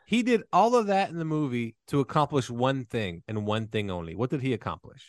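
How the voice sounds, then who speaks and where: A man's voice: mid-range voice, expressive, a little fast, no echo, clean studio sound. A man hosting a casual podcast chat, joking and teasing his co-hosts. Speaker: podcast host.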